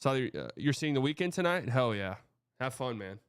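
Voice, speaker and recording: Smooth-voiced young man chatting loosely. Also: medium pitch, animated, normal speed, no echo, clean studio sound. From Texas. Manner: rambling, loose, chatty with filler words. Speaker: host reading viewer comments. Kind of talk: casual livestream chat.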